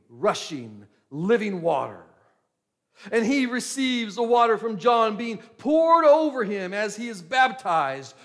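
A pastor delivers a sermon in a notably high-pitched male voice. He slows down to linger on important words, then swells into loud, emphatic bursts.

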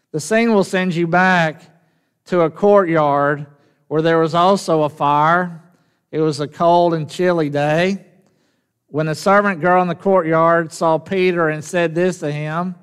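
A man's voice: fairly high pitch, a little slow, fairly bright tone, smooth. A man preaching a sermon with a Southern US drawl, folksy and conversational, asking the congregation questions. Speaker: pastor. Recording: long reverb of a large hall.

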